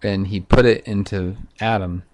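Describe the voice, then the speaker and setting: A man talking in a loose, profane, halting monologue full of fillers, vlogging to camera. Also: on the low side, steady tone, background noise. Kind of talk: casual rambling monologue.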